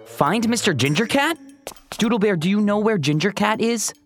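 A woman as a calm, kindly dog sheriff. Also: medium pitch, normal speed, faint music behind, natural voice. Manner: calm, instructive. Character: kind dog sheriff, patient and protective. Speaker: safety teacher.

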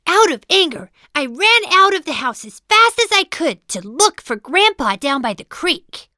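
A sulky little boy mouse tells his storybook tale in a high, bright, sing-song voice. He speaks slowly and clearly, close and dry, grumbling and sighing between giddy bursts. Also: very animated, no room sound, full character voice. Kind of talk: first-person storybook narration.

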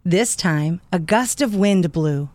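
A woman narrating a children's storybook in a gentle, clear and expressive way. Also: on the low side, slow, no room sound. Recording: dry studio voice.

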